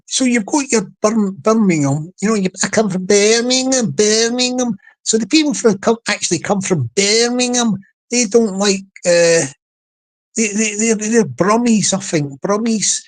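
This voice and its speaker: A man's voice: high-pitched, poor audio. A man hosting a livestream in casual chat, rambling, repeating words and chuckling often. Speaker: livestream host.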